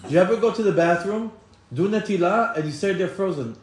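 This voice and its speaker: Male Torah teacher, animated, slightly higher voice, echoey room with faint ambience. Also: fairly quick. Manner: animated, acts out quoted voices, many restarts. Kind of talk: Torah class sermon.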